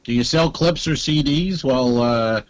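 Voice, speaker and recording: A man co-hosts a comedy podcast in relaxed chat, mid-pitched and wry, with deadpan teasing. His voice sounds dry and close, with no room around it. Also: measured pace, no echo, rough recording.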